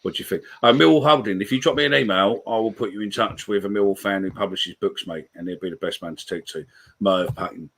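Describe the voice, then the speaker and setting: A man's voice: fairly low pitch, quick pace, a bit bright. A man, hosting a live call-in podcast, swearing freely as he reads out comments. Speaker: podcast host.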